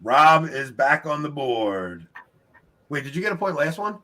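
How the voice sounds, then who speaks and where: A man with a bright, forceful tone and an unmistakable Long Island New York accent runs a casual trivia game. He is upbeat and chatty, often laughing and breaking off to talk to the chat. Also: a little high, sing-song, measured pace. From New York, United States. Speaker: trivia show host. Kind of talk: casual livestream game hosting. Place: his home.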